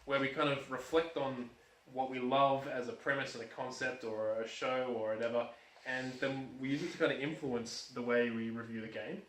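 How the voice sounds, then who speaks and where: A man with an Australian accent co-hosting a casual game review chat, talking quickly with stammered restarts and easy laughs. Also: medium pitch, fairly even intonation, a bit bright, a little hiss or hum. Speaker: co-host. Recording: echoey room, far from mic.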